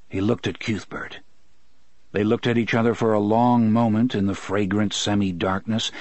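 Man reading a story aloud. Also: no room sound. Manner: voices characters with pitch shifts. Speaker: audiobook narrator. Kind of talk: scripted narration.

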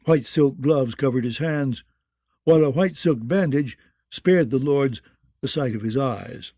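A man narrating a fantasy audiobook in a measured, descriptive way, close to the mic. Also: mid-range voice, warm tone, no room sound.

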